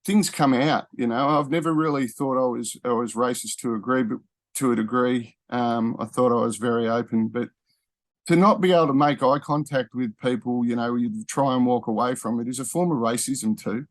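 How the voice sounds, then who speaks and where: A man's voice: medium pitch, fairly even intonation, moderate pace, dry recording. A man, talking casually in a rambling way, full of fillers and restarts. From Australia. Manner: rambling, with frequent fillers and self-corrections. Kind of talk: casual conversational talk.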